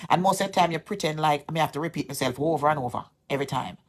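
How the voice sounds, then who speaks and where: A Jamaican woman vlogging in a heated callout, her voice sitting somewhat low. She presses her complaint insistently and circles back over the same points again and again, aggrieved. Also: very fast. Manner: aggrieved, insistent, repeats herself. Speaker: social media vlogger. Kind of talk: heated direct-to-camera callout.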